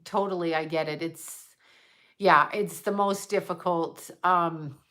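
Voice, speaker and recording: A middle-aged woman, a psychic medium, talking frankly and casually on a live stream, reading viewer comments and often breaking off in halting restarts. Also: lowish voice, fairly even intonation, pushed and bright. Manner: frank and profane, halting with restarts when emotional.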